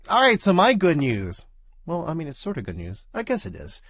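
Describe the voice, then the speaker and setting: A man who grew up in the Southern United States, talking as a podcast co-host in a casual chat, animated and full of restarts. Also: fairly high pitch, a little fast, dry recording.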